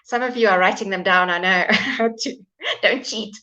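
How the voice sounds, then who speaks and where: Woman, English teacher running a live online class. Patient, unhurried delivery, says words slowly for students to repeat, mid-pitched, dry humor. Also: sharp tone, dull audio. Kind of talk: live online pronunciation lesson. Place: home.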